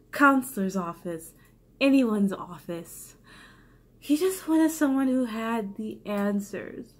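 Tipsy woman reading her old story aloud. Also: a little high. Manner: rambling, self-mocking commentary. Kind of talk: casual comic read-aloud with asides.

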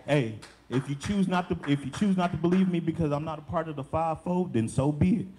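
Young male deacon delivering a sermon; slightly high voice, drives points home by repeating them. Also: brisk, warm tone. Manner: emphatic preaching with repeated phrases.

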